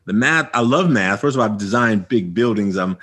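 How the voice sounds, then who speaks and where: A man's voice: on the low side, brisk, breathy edge. A middle-aged man from Oakland, California, telling his life story as a podcast guest and acting out old conversations with energy. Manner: animated storyteller acting out past dialogue. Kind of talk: storytelling interview.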